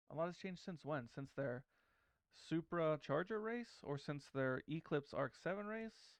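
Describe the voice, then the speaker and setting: A man talks through a film scene on a podcast. He rambles and cuts himself off mid-thought. His voice is gravelly yet clear, and the close mic sounds dry. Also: on the high side, normal speed, no room sound. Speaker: podcast co-host. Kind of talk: casual movie-breakdown chat.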